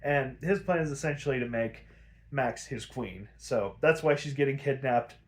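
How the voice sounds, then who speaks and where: A young man hosting a podcast casually recaps a cartoon episode, rambling and swearing while acting out the characters' lines. His voice sits in the mid range and moves at a moderate pace, and the retelling is animated and profane, full of acted quotes.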